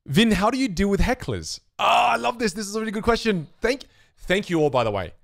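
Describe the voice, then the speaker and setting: A man's voice: sits high, fairly quick, creaky, dry recording, clean studio sound. A young man, a magic instructor, answering viewer questions on a live stream in a casual, chatty way and acting out the voices of spectators. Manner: chatty, animated, acts out voices of spectators and hecklers.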